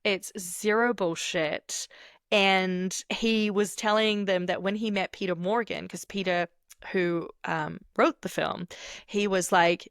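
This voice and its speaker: A woman hosting a podcast, telling stories in casual chat and quoting people with animated bursts. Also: medium pitch, slow pace, clean tone, dry recording, studio quality. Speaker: podcast host.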